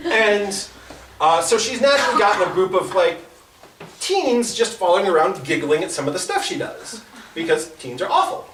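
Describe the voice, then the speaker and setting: Telling stories on stage at a small club's open mic, a young male comedian stammers and keeps restarting, his voice high and animated. He was recorded from across the room with no microphone, so the sound is distant and echoey, carrying a little hiss or hum plus audience laughter.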